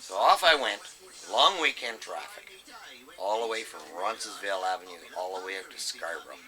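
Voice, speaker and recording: A man's voice: on the low side, expressive, normal speed, sharp tone, poor audio. A middle-aged man, a plumber telling a work story in a blunt, salty way. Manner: blunt, salty, swears freely. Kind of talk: casual storytelling.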